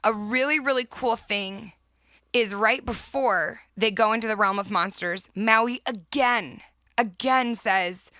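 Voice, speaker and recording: A woman's voice: mid-range voice, normal speed, pushed and bright, no room sound. A woman in her thirties hosting a motivational podcast, talking earnestly and with emphasis, often laughing. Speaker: podcast host.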